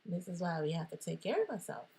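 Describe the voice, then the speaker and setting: A woman talking playfully in a motivational monologue, animated, jumping between whispers and sudden squeals. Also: lowish voice, quick pace, gravelly, husky. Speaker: motivational vlogger.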